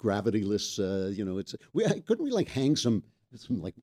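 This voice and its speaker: With a lowish voice, huge pitch swings, a moderate pace, and a dark tone, this podcast host runs a political talk show from a makeshift studio. He is wry and joking in casual chat, frequently laughing at his own lines.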